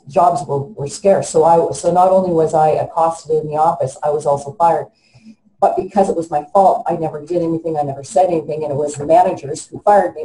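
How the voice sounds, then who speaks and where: Earnest, mellow-voiced woman in her fifties. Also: low-pitched, echoey room, poor audio. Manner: halting, earnest, with frequent restarts. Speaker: interview guest. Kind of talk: personal storytelling in an interview.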